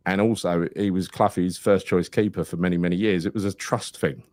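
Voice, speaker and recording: A man's voice: sits low, fairly quick, dry recording. A man, a podcast host rambling through anecdotes in casual chat and acting out the people in his stories. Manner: rambling anecdotal storyteller, animated retelling with quoted voices.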